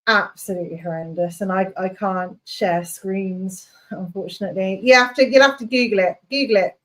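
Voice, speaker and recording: A woman's voice: mid-range voice, moderate pace, fairly bright tone, low-quality recording. A playful woman talks casually on a home video call, laughing often. She corrects her co-host's pronunciation with teasing confidence. Her voice comes through a phone, casual and unpolished. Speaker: livestream co-host. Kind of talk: casual chat.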